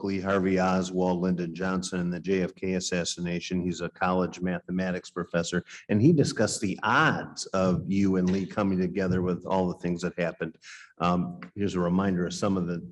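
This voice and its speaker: A man's voice: sits low, steady tone, moderate pace. A man moderating a conference interview, steering with prepared questions. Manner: organized, reads prepared questions.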